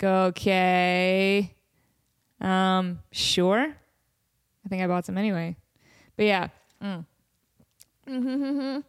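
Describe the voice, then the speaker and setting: A young woman hosts her podcast in a loose, rambling monologue. Her voice sits a little high, and she talks in a playful, animated way. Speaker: podcast host.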